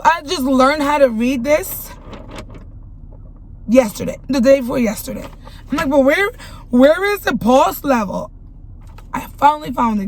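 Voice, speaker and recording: A woman's voice: high-pitched, slight background noise, poor audio. A young mother speaking earnestly and emotionally to her viewers in a personal vlog testimony. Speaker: vlogger and mother.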